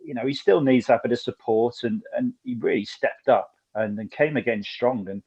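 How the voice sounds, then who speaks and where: A man hosting a casual podcast, jokey and upbeat as he steers the chat. His voice comes through a dull, lo-fi recording at a middle pitch. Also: very animated, normal speed, creaky, a little mellow, husky. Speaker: podcast host. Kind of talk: casual chat about golf betting.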